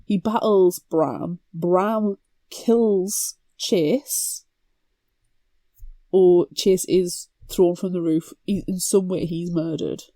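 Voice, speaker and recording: A young adult woman co-hosting a book podcast, talking in a casual, animated way and laughing often. Her voice sits a little low and sounds mellow and warm. The recording is dry and close. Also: very slow, dry recording. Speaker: podcast co-host. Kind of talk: casual book-discussion chat.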